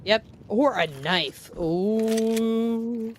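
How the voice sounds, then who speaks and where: A woman's voice: a little high, very slow. A woman giving color commentary on a competitive shooter match with playful, teasing banter. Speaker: esports co-caster. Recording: noisy, with game gunfire behind. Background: game gunfire and clicks.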